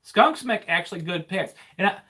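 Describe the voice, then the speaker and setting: Bright-voiced rambling trucker host. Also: male voice, sits high, expressive, moderate pace, husky. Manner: rambling, repeats himself. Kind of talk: casual live chat.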